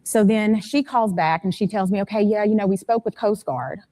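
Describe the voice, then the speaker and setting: A woman's voice: mid-range voice, normal speed, mellow. A woman speaking as an interview guest, a mother telling events step by step in detail and growing urgent and frantic. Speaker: guest, mother of a missing son.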